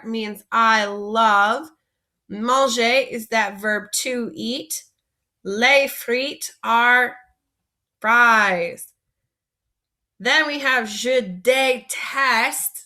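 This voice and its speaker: A woman's voice: fairly high pitch, sharp tone. A woman teaching a French vocabulary lesson, patiently asking learners to repeat words after her.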